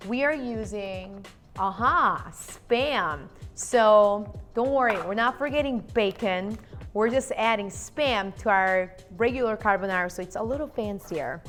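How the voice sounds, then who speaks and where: A woman's voice: medium pitch, unhurried, a bit bright, faint music behind. A young woman hosting a home cooking demonstration, chatting playfully with viewers as she works in her kitchen. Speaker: cooking channel host.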